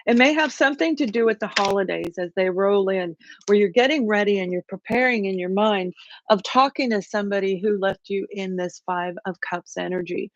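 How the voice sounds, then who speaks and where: A woman hosting a live tarot stream, chatty and animated, greeting viewers by name as she reads the cards. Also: medium pitch, no room sound, lo-fi sound. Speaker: tarot reader hosting a livestream.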